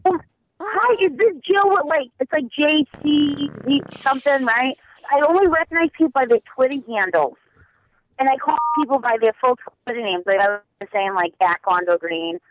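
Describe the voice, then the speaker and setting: Boston woman caller, rapid rambling talk, muffled lo-fi line, dry sound. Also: sits high, expressive, dry recording. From Boston, Massachusetts. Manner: talks very fast, rambling. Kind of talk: casual call-in chat.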